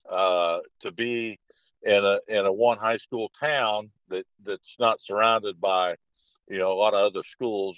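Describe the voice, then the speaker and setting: A man's voice: deep voice, dry recording. A middle-aged man, a basketball coach, telling anecdotes in a casual interview, rambling with many fillers and restarts. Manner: rambling, lots of "you know" and restarts; lively when quoting others in anecdotes. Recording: dull lo-fi dry sound.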